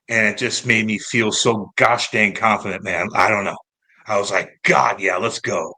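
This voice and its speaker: Bright-voiced animated former hockey player. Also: male voice, on the low side, normal speed, slightly rough. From St. Louis, United States. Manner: animated, profane, acts out quoted voices. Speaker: former pro hockey player, interview guest. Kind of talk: casual storytelling interview.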